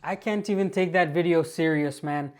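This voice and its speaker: Woman, American, low voice, vlog host, amused and mocking, casual commentary. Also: moderate pace, a little mellow. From United States. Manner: amused, mocking, talks straight to viewers. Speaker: channel host.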